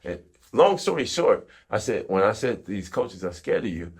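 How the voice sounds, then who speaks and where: A man with a husky, slightly rough voice tells locker-room stories with a lot of swing in his pitch. He acts out what others said, swears freely and breaks into laughter mid-sentence. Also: big pitch swings, normal speed. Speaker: retired football player interviewed. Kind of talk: animated storytelling interview.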